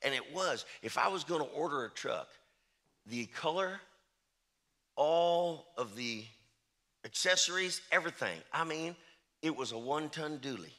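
A man's voice: on the high side, animated, measured pace, pauses often, sharp tone. A middle-aged man, a traveling preacher, telling folksy stories in a sermon and often repeating "I said" and "he said". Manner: chatty, storytelling, repeats "I said" and "he said".

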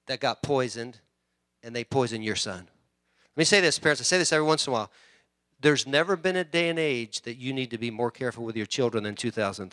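A middle-aged man preaching a sermon as pastor, swinging between loud emphasis and quiet asides and often repeating words. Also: mid-range voice, dry recording, studio quality.

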